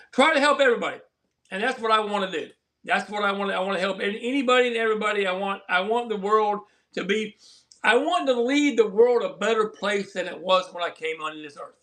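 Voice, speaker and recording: A man hosts a live stream in a high, bright voice. He rambles in an earnest, preachy way, chatting casually with his viewers. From southern Colorado. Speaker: livestream host. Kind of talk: casual livestream chat.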